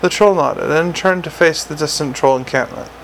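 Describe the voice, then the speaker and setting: A man narrates a novel in a gravelly, slightly raised voice. He reads steadily, correcting small slips as he goes. A faint hiss runs under the recording. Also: fairly high pitch, moderate pace, fairly bright tone, low-quality recording. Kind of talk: audiobook narration.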